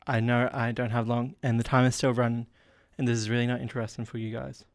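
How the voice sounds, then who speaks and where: A man's voice: medium pitch, flat delivery, fast, no room sound. A man hosting a solo comedy podcast, rambling and self-deprecating with lots of fillers and a stuffy nose. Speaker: podcast host.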